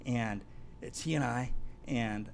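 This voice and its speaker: A man's voice: medium pitch, slow pace, vocal fry, slight background noise. A man who owns a donut shop, a guest telling rambling celebrity stories full of fillers and "dude". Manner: animated, rambling, many fillers, says "dude". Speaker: donut shop owner and chef, podcast guest. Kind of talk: casual storytelling chat.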